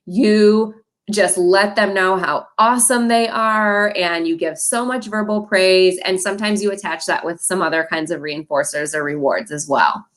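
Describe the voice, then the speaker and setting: A woman's voice: medium pitch, moderate pace, fairly bright tone. Encouraging woman giving a parent training. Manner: friendly, encouraging, with light laughs. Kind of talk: recorded training presentation.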